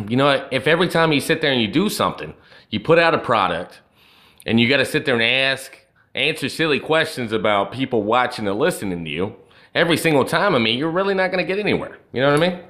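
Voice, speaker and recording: A man's voice: medium pitch, very animated, fast, fairly bright tone. An American man with a rural accent, talking bluntly and brashly as a podcast guest, swearing heavily and saying "you know" often. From USA. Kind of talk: casual chat.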